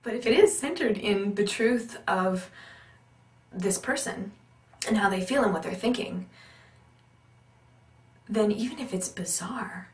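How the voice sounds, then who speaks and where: A woman teaching about accents and voice work in an animated, emphatic way, repeating her key points. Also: medium pitch, measured pace, pauses often, far from the mic. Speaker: acting and accent coach. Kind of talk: instructional talk. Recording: roomy echo, speaker off-mic.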